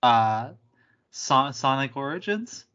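A man co-hosting a casual podcast chat, relaxed and easygoing. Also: mid-range voice, takes it slowly, clear, resonant tone, muffled recording.

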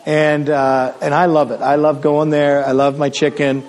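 A middle-aged male pastor from Canada delivers a sermon in a loose, conversational storytelling way. His voice sits a touch higher than most men's, and he often restarts his sentences. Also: flat delivery, normal speed, a little mellow.

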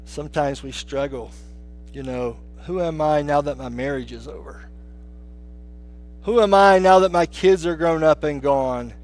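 A man preaching a sermon as pastor, swinging between hushed, low lines and raised, emphatic ones. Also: a little slow, slight background noise.

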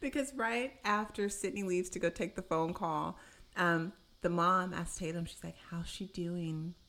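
A woman co-hosting a casual chat, adding playful commentary and quick quoted voices to a movie retelling. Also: lowish voice, fairly even intonation, gravelly, a bit bright. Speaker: podcast co-host.

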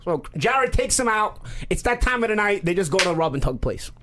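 Fast-talking high-voiced New storyteller. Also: male voice, noisy background. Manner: animated, profane, acts out quotes. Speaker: podcast co-host. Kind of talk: casual storytelling.

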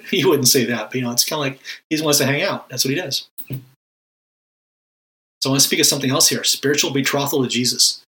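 A man's voice: medium pitch, fast talker, fairly bright tone, low-quality recording. A man giving a casual, emphatic talk on prayer, often repeating words and asking rhetorical questions. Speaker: Christian teacher on prayer. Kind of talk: casual spoken teaching.

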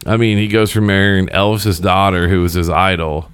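A man in his thirties with a very low, deep voice, chatting casually as a host. He rambles, swears freely and leans on filler words. The sound is close and dry. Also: flat delivery, normal speed, a bit bright, clear, resonant tone, dry recording. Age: 30s. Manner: rambling and profane, with many fillers. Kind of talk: casual chat.

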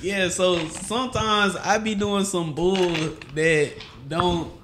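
A man's voice: high-pitched, slow, fairly bright tone, slight background noise. A man co-hosting a podcast in casual chat, laid-back and candid, hedging with fillers. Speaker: podcast co-host.

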